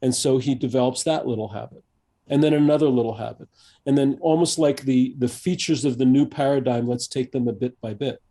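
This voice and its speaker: Man, 50s, mellow warm voice, coach, podcast interview, thoughtful, halting, many restarts. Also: mid-range voice. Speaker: executive coach, guest.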